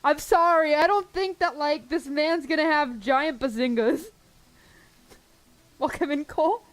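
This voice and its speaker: A young woman streaming a game and reading its story aloud, excitable and swearing often. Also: high voice, measured pace, dry recording.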